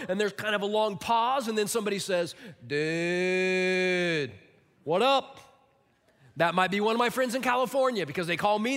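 A pastor in his forties preaching a sermon, animated and emphatic, acting out little stories. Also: high voice. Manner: animated, emphatic storytelling with acted-out quotes. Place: church auditorium. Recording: long reverb of a large hall.

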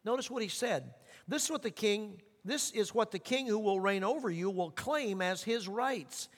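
A man with a high, light voice delivers an earnest sermon, slowing down when he reads scripture aloud. His words ring out with a long reverb through a church sanctuary. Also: animated. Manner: earnest, slows for scripture and repeats for emphasis. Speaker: pastor.

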